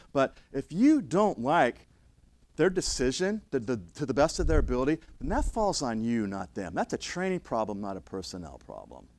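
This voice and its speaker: Brief: middle-aged male trainer, blunt and conversational, lively pitch, dry close sound. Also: no room sound. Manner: blunt, conversational, acts out quoted voices. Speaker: trainer of emergency responders. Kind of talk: classroom lecture with stories.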